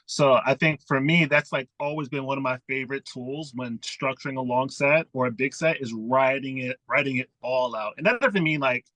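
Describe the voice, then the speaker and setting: A man's voice: mid-range voice, normal speed, few pauses, pushed and bright, no room sound, low-quality recording. A man, a comedian, chatting casually about writing his sets, acting out his own thoughts as he talks.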